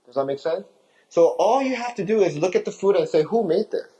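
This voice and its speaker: A man's voice: high voice, lively intonation, fairly quick, dark tone, dull audio. A male physician giving a health talk, explaining diet with rhetorical questions.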